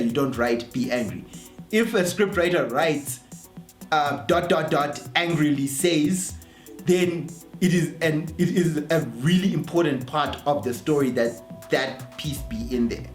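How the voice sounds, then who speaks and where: A man's voice: on the high side, normal speed, faint music behind. A man hosting a casual interview, thinking aloud and restating points with a few restarts. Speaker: host. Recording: roomy echoey room.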